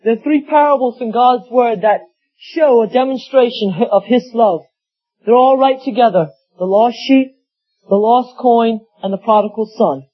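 A man's voice: extremely high pitch, normal speed. A man preaching a sermon, telling folksy stories with acted quotes. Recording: dull lo-fi sound.

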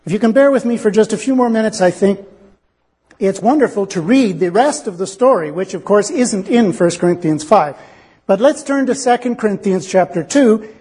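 A man's voice: high voice, expressive, normal speed, darkish tone, breathy edge, big-room sound. A man preaching a sermon in an earnest, reasoning way, acting out little dialogues to make his point.

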